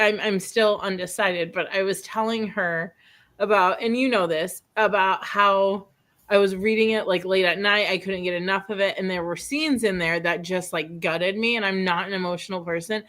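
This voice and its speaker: A woman in her thirties hosting a casual chat, rambling through a personal story with lots of fillers and restarts. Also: medium pitch. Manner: rambling storyteller, animated, quick laughs. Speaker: host.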